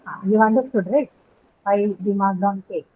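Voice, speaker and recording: Heard through tinny call audio, a woman with a medium-pitched voice teaches an online English lecture about word stress at normal speed. She's patient with her class, poses questions to them, and keeps checking in by saying "right?"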